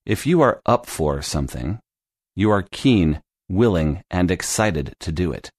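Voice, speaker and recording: Deep-voiced man teaching English. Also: expressive, darkish tone, dry recording, studio quality. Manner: clear, deliberate explaining. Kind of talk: scripted lesson narration.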